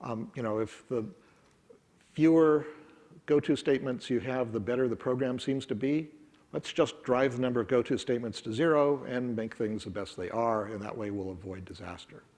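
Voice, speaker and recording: A man's voice: mid-range voice, normal speed, a little mellow. A middle-aged man giving a wry, conversational technical talk at a conference, full of ums and uhs. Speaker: conference speaker. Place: conference room.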